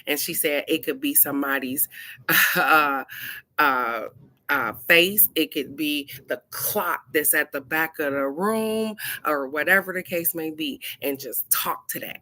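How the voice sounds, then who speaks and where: A woman's voice: low voice, a little slow. A woman hosting a casual talk, telling stories animatedly and speaking straight to her viewers with frank, casual swearing. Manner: animated storytelling, addresses viewers directly. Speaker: host of a card-of-the-day talk. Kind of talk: casual chat.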